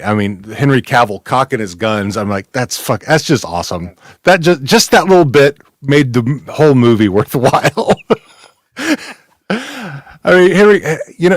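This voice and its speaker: A man's voice: medium pitch, dry recording, studio quality. A man hosting a podcast in casual chat, full of fillers and restarts, often laughing. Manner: halting, many fillers and restarts. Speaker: podcast host.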